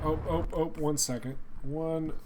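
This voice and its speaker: A man's voice: a little high, steady tone, unhurried, noisy background. A young man giving casual live commentary on a game, chatting with viewers. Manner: chatty, talks to chat viewers by name. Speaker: gameplay streamer.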